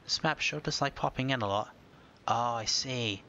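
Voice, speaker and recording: A man's voice: medium pitch, moderate pace, pushed and bright, lo-fi sound, a little hiss or hum. A man giving casual commentary over his own gameplay, joking and mock-dramatic, talking to himself as he plays. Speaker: gaming video host. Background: game music.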